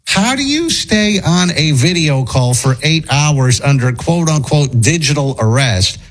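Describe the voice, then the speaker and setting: A male talk-show host with a somewhat high voice tells stories in a mocking, incredulous way. He banters loosely with his co-hosts. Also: animated, a little slow, poor audio.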